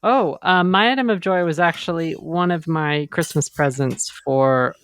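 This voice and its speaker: A woman's voice: sits low, moderate pace, dry recording. Chatty woman on a dry recording. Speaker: podcast co-host. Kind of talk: casual chat.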